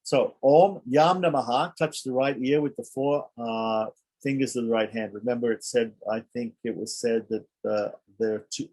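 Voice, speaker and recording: A man teaching a scripture class, thinking aloud with frequent restarts and slowly chanting mantra syllables as he explains them. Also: mid-range voice, level tone, a little mellow.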